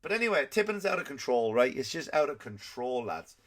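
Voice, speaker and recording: A man rants through a comedy podcast, swearing freely and sounding exasperated at everything. His voice sits at an ordinary middle pitch for a man. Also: very animated, fairly quick, a bit bright. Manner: swears constantly, ranting and exasperated. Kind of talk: profane comedic rant.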